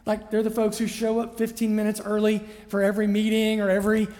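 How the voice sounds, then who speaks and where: A man's voice: sits high, completely flat delivery, fast talker, darkish tone. A man preaching a conversational sermon as pastor, often checking in with his listeners. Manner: chatty, checks in with listeners by asking "right?". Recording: long reverb of a large hall.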